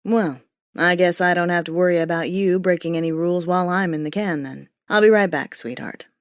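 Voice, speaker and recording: A woman's voice: lowish voice, a little fast, dry recording, studio quality, natural voice. A woman voicing a suave, flirty male archangel who teases with a playful drawl. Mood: teasing. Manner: playful drawl, cowboy-style when joking.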